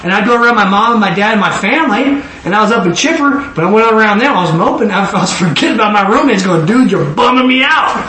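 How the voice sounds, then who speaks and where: A man's voice: high-pitched, animated, fast talker, few pauses, bright, forceful tone. A man giving a rambling sermon testimony, often repeating words as he restarts his sentences. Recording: echoey room with faint noise.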